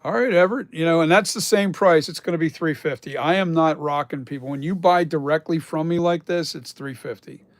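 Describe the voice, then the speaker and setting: A man's voice: a little high, fairly quick, few pauses, no echo. A man chatting casually on a live stream about sculpting masks, rambling and swearing now and then as he talks.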